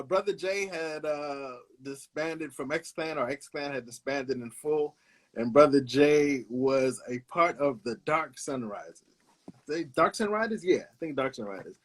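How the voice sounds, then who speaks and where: A man in his fifties from Brooklyn, a guest illustrator telling stories in a relaxed interview with frequent "uh"s. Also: a little high, measured pace. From Brooklyn, New York. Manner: laid-back, anecdotal, hesitates with "uh", laughs along. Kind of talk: casual storytelling interview.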